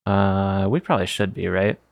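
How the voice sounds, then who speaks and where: A man's voice: low voice, moderate pace, creaky, no room sound. A man hosting a podcast in casual chat, joking and laughing often. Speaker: podcast host. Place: room, recorded in person with co-hosts.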